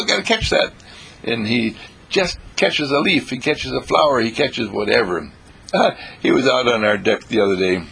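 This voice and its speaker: Husky, gravelly man, medium pitch with huge swings, exuberant inspirational talker who repeats himself. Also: fairly bright tone. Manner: exuberant, swooping between high exclamations and low murmurs, repeats phrases. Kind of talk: inspirational monologue.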